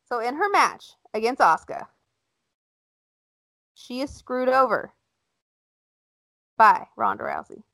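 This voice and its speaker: A woman co-hosting a casual chat, blunt and animated, acting out quotes as she talks. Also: a little high, slow, creaky, long pauses, no room sound, rough recording. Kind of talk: casual chat about wrestling.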